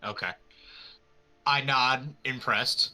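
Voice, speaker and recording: Hesitant male player, low and very bright, faint music under him. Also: fairly even intonation, takes it slowly. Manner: hesitant, casual. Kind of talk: tabletop game play.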